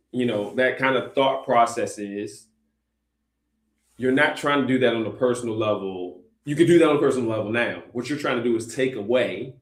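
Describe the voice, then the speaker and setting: A man's voice: mid-range voice, echoey room. A man hosting a Christian discussion show, talking earnestly with many fillers and restarts. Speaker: host.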